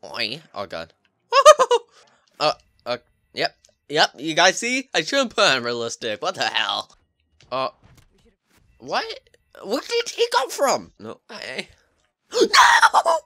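A man doing excitable gameplay commentary, joking to himself and yelping whenever he is startled. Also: fairly high pitch, slow, pauses often, no echo, clean studio sound. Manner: excitable, yelps and shrieks when startled; jokey, self-mocking asides. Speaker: gaming YouTuber.

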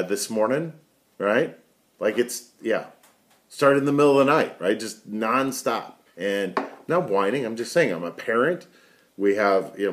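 A middle-aged man hosting a casual daily video show from home on a headset mic, rambling and chatty with frequent "right?" asides. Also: on the low side. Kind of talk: casual daily talk to camera.

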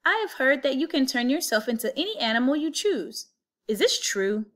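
A woman's voice: sits high, very animated, moderate pace, a bit bright, voice pushed up. Cocky clever storybook cat, woman reading him, schemy and showy. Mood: scheming. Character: clever boastful talking male cat.

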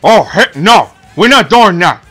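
A man voicing a cocky, hot-tempered Cuban gangster boss while commenting on his game, shouting threats at the screen. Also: high-pitched, animated, unhurried, slightly rough, soft background music, full character voice. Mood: boastful. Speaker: gameplay commentator.

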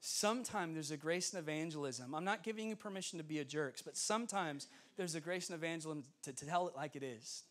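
A man preaching as a guest speaker in a church, telling a story with lively acted-out dialogue. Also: on the high side, fast talker, hardly any pauses. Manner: animated, acts out dialogue, laughs often. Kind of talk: storytelling sermon. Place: church sanctuary.

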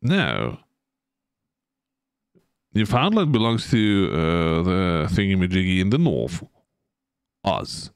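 A man live-streaming a game, chatting loosely and playfully with his viewers. His voice sits on the low side and swings widely in pitch. He takes his time over each thought, and the sound is close and dry. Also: very animated, slow pace, long pauses, clean tone, no room sound. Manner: rambling, chats with viewers, playful. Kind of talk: casual live-stream chat.

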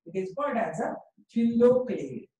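A woman's voice: fairly high pitch, very animated, normal speed, dark tone, dull audio, slight background noise. Echoey Indian woman teaching biology. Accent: Indian English. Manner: coaxing, repeats questions, praises students by name. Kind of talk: online class teaching.

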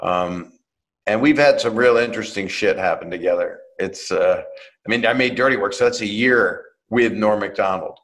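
A man, a comedian, telling an anecdote on a podcast in a relaxed way, quoting others with relish. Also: fairly low pitch, moderate pace, poor audio.

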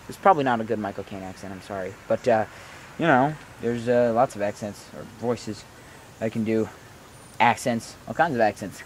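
A man's voice: medium pitch, a little hiss or hum. A tired young man rambling casually in a vlog while he walks his dog outdoors, joking at his own expense and jumping between tangents. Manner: rambling, self-mocking, talks in quick tangents. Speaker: vlogger. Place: outdoors, walking a dog in rainy weather.

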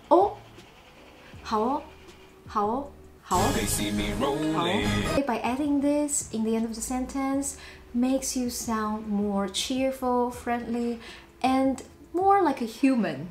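Taiwanese-accented woman teacher, Mandarin native, fairly high voice, unhurried, repeats sample phrases playfully. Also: animated, a little mellow, faint music behind. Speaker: language teacher. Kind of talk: language lesson. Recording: roomy echo.

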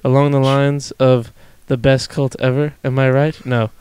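A man's voice: medium pitch, flat delivery, a little slow, a little mellow, clean tone. A man hosting a podcast, chatting casually, joking, swearing a lot and laughing often. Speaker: podcast host and streamer. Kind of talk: casual chat.

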